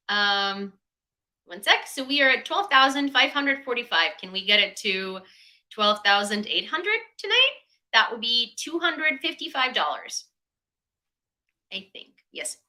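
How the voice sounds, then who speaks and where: A young woman chats with her livestream audience from a desk mic at home. Her voice is bright and carries a bit of edge. She fills pauses with "um" and turns sarcastic when she is annoyed. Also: a little high, rough recording. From Ukraine. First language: Ukrainian. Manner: chatty, with many fillers, sarcastic asides. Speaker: livestream host. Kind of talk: casual livestream chat.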